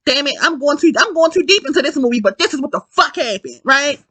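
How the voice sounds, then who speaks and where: Talking fast in a high-pitched voice, a woman gives an informal, profane spoken review of a movie. She's animated, frequently repeats herself and fixes her wording, and there's no room sound.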